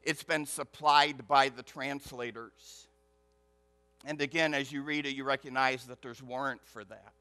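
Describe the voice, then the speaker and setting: With a medium-pitched voice and no echo, a pastor gives a sermon full of emphasis. He moves from booming stressed words to soft side remarks and builds momentum by repeating himself.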